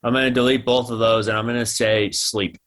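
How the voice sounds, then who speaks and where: A man's voice: medium pitch, level tone, brisk, fairly bright tone. An American man in his thirties, a guest athlete giving thoughtful answers in a casual podcast interview. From United States.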